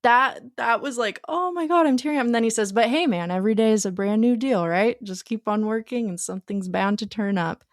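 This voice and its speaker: A woman's voice: medium pitch, fairly quick, few pauses, no room sound, studio quality. A young woman co-hosting a casual film podcast, eagerly retelling scenes she loved. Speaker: podcast co-host.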